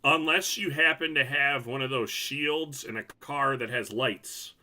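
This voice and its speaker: A man, a hockey referee co-hosting a casual podcast, telling animated stories and acting out quotes. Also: medium pitch, unhurried. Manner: animated storyteller, acts out quotes. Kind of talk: casual chat.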